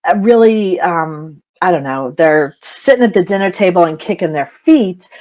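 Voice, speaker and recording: A woman's voice: lowish voice, expressive, normal speed, a little mellow, dull audio. A middle-aged woman coaching parents in a chatty webinar talk, laughing often and saying "you know" a lot. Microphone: computer mic on video call.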